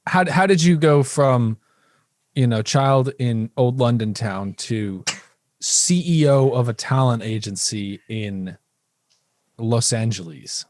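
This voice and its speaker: A man co-hosting a movie podcast, chiming in with quick jokes. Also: medium pitch. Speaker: podcast co-host. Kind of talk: casual interview chat.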